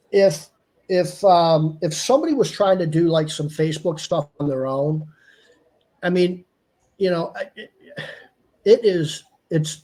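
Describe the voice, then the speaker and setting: A man's voice: fairly high pitch, darkish tone. A man hosting a casual livestream chat, rambling and laughing often, sometimes muttering asides. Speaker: host.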